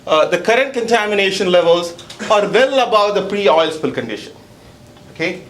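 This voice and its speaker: A man's voice: sits high, animated, normal speed, fairly bright tone, echoey room, a little hiss or hum. A man presenting research at a seminar, chatty and joking, with an accent, often adding "okay?". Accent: non-native accent. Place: seminar hall.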